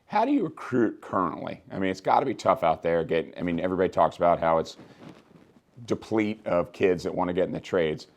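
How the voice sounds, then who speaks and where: A man hosting an interview show, encouraging, with steady affirmations, apparently from Maryland. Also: low-pitched, brisk. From Maryland, USA. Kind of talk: interview host.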